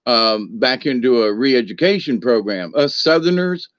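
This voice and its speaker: A man from the northern United States hosts a rambling spiritual livestream, reading viewer comments and greeting people by name. Folksy and feisty, he laughs often, speaking in a mid-range, fairly bright voice at a moderate pace with no room sound.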